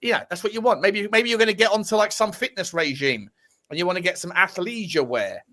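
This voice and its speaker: A man co-hosts a casual football chat show, rambling through his talk in a loose, chatty way. His voice is bright and forceful and sits a little high. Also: brisk. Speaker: podcast co-host.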